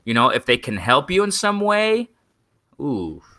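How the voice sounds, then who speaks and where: A man's voice: medium pitch, huge pitch swings, unhurried, pushed and bright, dry recording, clean studio sound. A young man hosting a live boxing stream, rambling and repeating himself as he keeps calling out to his viewers as "guys.". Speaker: boxing channel host. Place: in Mexico.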